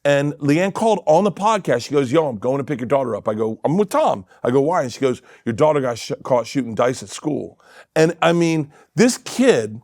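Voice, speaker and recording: A middle-aged man, a comedian guest, telling animated family stories in casual chat and acting out quotes with cursing. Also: medium pitch, fairly quick, no echo, clean studio sound. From Florida.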